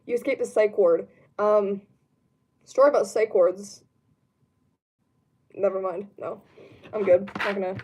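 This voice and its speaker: A young woman talks casually from her room while answering a live chat. She rambles and fills gaps with lots of ums, now and then breaking into a laugh. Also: mid-range voice. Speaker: streamer. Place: home room.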